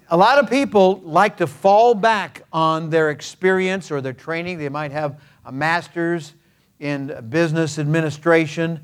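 Man, pastor, folksy sermon, slightly higher-pitched voice, chatty with hesitant fillers. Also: clean tone. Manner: folksy, conversational preaching with homespun examples; frequent hesitant fillers and restarts.

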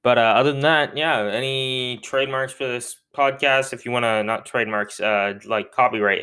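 A man's voice: medium pitch, sharp tone, clean tone. A man hosting a podcast, wrapping up in a casual, rambling way and correcting himself as he goes. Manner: rambling, self-correcting, joking. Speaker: podcast host.

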